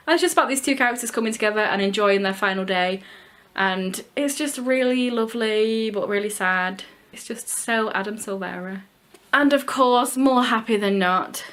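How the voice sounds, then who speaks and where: A woman's voice: medium pitch, normal speed, fairly bright tone. A young woman vlogging casually about books, chatty and emphatic, with the odd swear word. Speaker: book vlogger. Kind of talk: casual book review chat.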